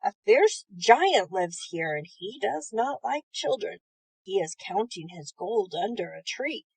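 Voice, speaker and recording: A woman's voice: mid-range voice, sing-song, a little slow, creaky, breathy edge, no room sound, heavily acted, rough recording. A woman voicing a stern old woman who warns children off, firmly and urgently. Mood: warning.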